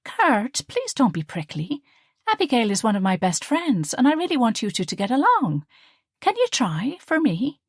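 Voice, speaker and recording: A woman voicing an earnest young female student in love, speaking in a higher, eager and pleading way. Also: wildly swooping pitch, normal speed, slightly rough, no echo, clean studio sound, heavily acted.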